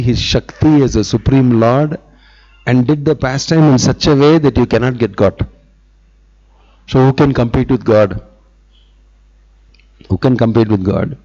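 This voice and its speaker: A man's voice: medium pitch, mellow, dull audio. A man giving a devotional sermon, telling a story with repetition and quoted dialogue. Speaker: visiting monk giving a discourse.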